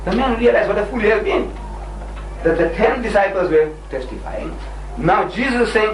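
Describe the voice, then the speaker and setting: A man makes his case in a debate with emphatic, argumentative force, slipping into little performances of the people he quotes. His voice sits a bit high, and he is heard from a distance in an echoey room. A faint hiss runs underneath the whole old recording. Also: expressive, moderate pace. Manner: emphatic, argumentative, acts out voices when quoting. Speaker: religious debater. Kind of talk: lively debate with dramatized quotes. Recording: echoey room, far from the mic, faint noise.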